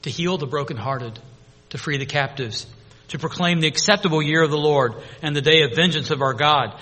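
Husky-voiced preaching man in a reverberant hall. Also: fairly high pitch, expressive, fairly quick. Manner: swings between loud preaching and hushed intimate telling. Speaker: pastor. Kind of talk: sermon.

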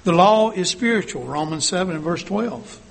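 A man's voice: sits high, lively intonation, moderate pace, gravelly. An older man delivering an earnest sermon, asking the congregation many rhetorical questions. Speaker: church speaker.

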